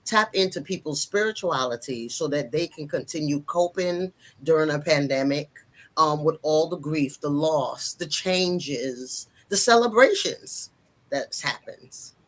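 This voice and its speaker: A middle-aged woman, a counselor and author, chatting casually as an interview guest and telling stories in a lively, animated way. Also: deep voice, unhurried. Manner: animated storyteller acting out family quotes.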